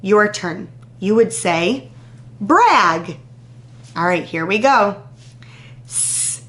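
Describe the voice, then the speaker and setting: A woman teacher leading a phonics warm-up for young children, sounding out words crisply and praising each answer patiently. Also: mid-range voice. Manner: patient, drawn-out, encouraging praise after pauses. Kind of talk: slow, deliberate phonics lesson to young children.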